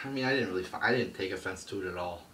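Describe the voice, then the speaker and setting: A lower-voiced man rants through a wrestling review, swearing freely and sneering at what he dislikes. He sits a little back from the mic, so his voice comes across roomy and echoey, with a faint hiss of noise underneath. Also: fast talker, a bit bright, far from the mic. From United States. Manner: crude, swearing, scornful. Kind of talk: profane ranting review.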